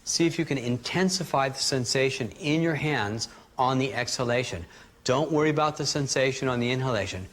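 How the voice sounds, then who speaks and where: Man calmly guiding breathing exercises. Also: medium pitch, a little fast. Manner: calm, guiding, demonstrates breathing aloud. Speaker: energy healing teacher. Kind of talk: instructional workshop teaching.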